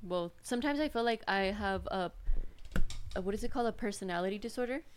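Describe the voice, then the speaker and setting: A woman's voice: medium pitch, fast talker, slight background noise. A woman who is a podcast guest, talking candidly and easily and laughing often. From Mexican-American family. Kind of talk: casual chat. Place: California.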